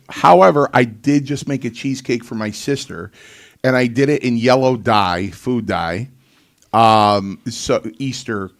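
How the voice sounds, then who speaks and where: Casting note: middle-aged man, animated storyteller, mid-range voice. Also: medium pitch. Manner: animated anecdote-telling, mimics others. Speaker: co-host, former wrestler. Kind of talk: casual storytelling chat.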